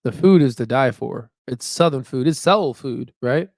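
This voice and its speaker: A man's voice: mid-range voice, normal speed, creaky, darkish tone, no echo, studio quality. A man hosting a casual live stream about stocks, rambling and upbeat with lots of fillers and "you know what I mean.". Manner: upbeat and chatty. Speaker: stock market channel host.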